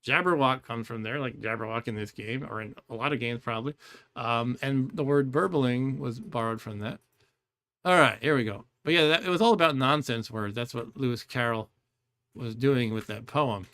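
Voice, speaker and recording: A man's voice: mid-range voice, normal speed, bright, forceful tone. A man streaming a game with casual commentary, chatty and rambling, laughing often.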